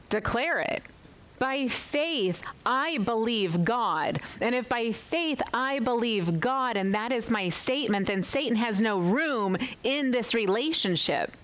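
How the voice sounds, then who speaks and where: A woman's voice: fairly high pitch, lively intonation, slow, fairly bright tone, poor audio. A woman preaching a sermon with emphatic repetition, often putting questions to her listeners.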